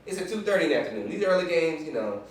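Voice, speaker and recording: A man's voice: fairly high pitch, sing-song, racing. A young man hosting a casual sports picks show, hyped, slangy and joking, recorded from a distance in a room. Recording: echoey room, mic far off.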